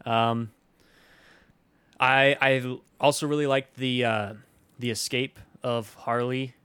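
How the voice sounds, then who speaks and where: A man's voice: mid-range voice, fairly even intonation, slow, a bit bright, clean tone, no echo. A man recounting movie scenes in casual talk, rambling and hesitant with many fillers.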